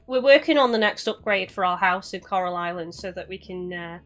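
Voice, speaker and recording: A woman's voice: fairly low pitch, lively intonation, a little fast. A woman chatting casually to her viewers while live-streaming a game, swearing now and then.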